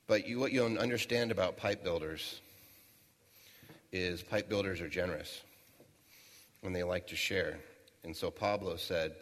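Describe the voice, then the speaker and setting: A middle-aged man speaks a little slowly with long pauses, his low voice carrying a fairly bright tone. As a motivational speaker in a large, reverberant hall, he shares a folksy story and asks listeners rhetorical questions during his keynote.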